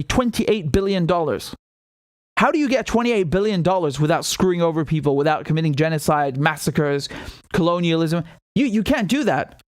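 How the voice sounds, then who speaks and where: Indignant man with a fairly high voice. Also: no echo, studio quality. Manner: indignant, sarcastic, rising to emphatic outbursts. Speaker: host. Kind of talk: political commentary show.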